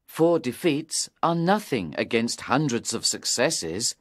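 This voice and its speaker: A man's voice: mid-range voice, very animated, slow, no echo, clean studio sound, pitched above the performer's own voice. A man voicing a nervous young man in his twenties in an audiobook, anxious and pleading. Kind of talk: audiobook character reading.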